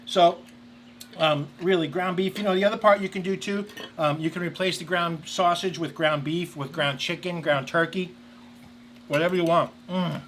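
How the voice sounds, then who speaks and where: A man's voice: fairly high pitch, steady tone, normal speed, a bit bright, slight background noise. A man hosting a casual cooking demonstration at an outdoor grill, chatty and enthusiastic, talking straight to the camera. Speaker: cooking show host.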